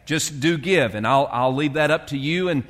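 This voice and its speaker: A man's voice: fairly high pitch, normal speed, fairly bright tone, in a large hall. A male pastor preaching a sermon in a loose, conversational way, with fillers and restarts as he reads and explains scripture.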